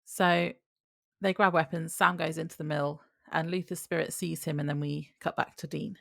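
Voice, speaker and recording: A woman co-hosting a podcast, casually retelling a TV episode in a relaxed, chatty way. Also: low-pitched, normal speed, gravelly, no room sound, clean studio sound. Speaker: podcast co-host. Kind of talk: casual chat recapping a TV episode.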